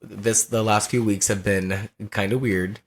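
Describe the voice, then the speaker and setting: A man's voice: on the low side, fairly even intonation, a little slow, slightly rough. A man hosting a movie commentary podcast, chatting casually, laughing easily and talking straight to the listeners. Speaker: podcast host.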